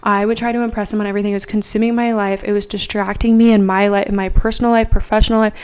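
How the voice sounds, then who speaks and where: A woman's voice: mid-range voice, level tone, racing, a little mellow, smooth. A young woman co-hosting a podcast, telling a story in casual chat, rambling and swearing freely. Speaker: podcast co-host.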